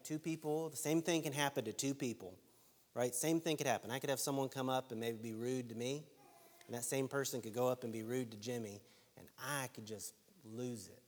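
A man's voice: mid-range voice, a little mellow. Conversational preacher man in a reverberant hall. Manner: conversational, keeps asking "right?". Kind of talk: sermon.

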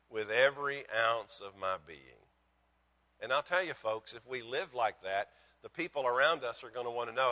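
A man preaching a sermon as pastor, swinging from loud emphasis to hushed lines and telling folksy, self-mocking stories. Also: medium pitch, moderate pace, long reverb tail.

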